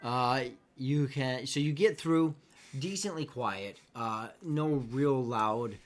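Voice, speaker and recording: A man in the game master's seat, voice of medium pitch, easygoing and a bit halting. He calls for rolls and narrates in a casual way. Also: soft background music. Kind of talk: running a tabletop game.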